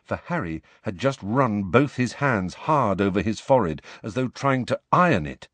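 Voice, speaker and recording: Expressive male audiobook narrator. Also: lowish voice, dry recording. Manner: expressive, measured storytelling.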